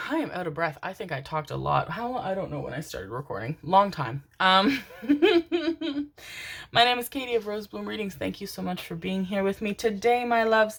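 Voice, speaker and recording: A young woman chatting to her viewers and reading tarot, soft and affectionate, calling them her darlings and loves. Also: medium pitch, vocal fry. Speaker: tarot card reader. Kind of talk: casual chat and tarot reading to camera.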